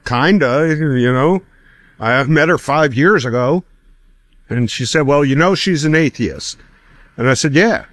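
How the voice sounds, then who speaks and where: A man's voice: medium pitch, a bit bright, dry recording. A middle-aged man telling a personal faith story, acting out quoted dialogue with bursts of laughter. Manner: laughs between lines.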